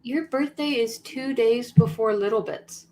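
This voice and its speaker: A woman's voice: fairly high pitch, unhurried, dark tone, a little hiss or hum. A woman chatting casually as a guest on a stream, wry and laid-back. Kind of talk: casual chat.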